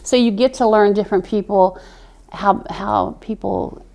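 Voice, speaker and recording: A woman's voice: mid-range voice, fairly even intonation, a little slow, vocal fry, warm tone. A middle-aged woman from Oklahoma with a Southern accent, telling stories in a chatty way as a veteran being interviewed. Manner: storytelling, chatty. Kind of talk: interview answers.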